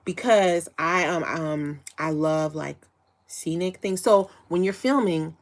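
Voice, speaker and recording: Young woman livestream host, lowish voice, bubbly and chatty. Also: takes it slowly. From United States. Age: young adult. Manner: bubbly, chatty, breaks into excited high squeals. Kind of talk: casual livestream chat with viewers.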